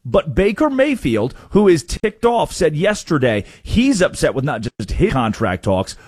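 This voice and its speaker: A man hosting a sports talk radio show, arguing fast with lots of stop-start restarts into a studio mic. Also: a little high, sing-song, darkish tone, slightly rough, dry recording.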